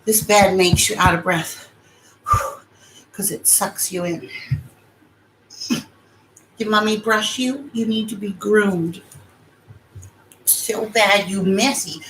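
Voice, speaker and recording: Slow-talking woman vlogging from bed. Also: mid-range voice, echoey room, background noise. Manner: coos baby talk at her dogs. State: out of breath. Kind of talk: casual vlog from bed. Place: bedroom, on her bed. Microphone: phone camera.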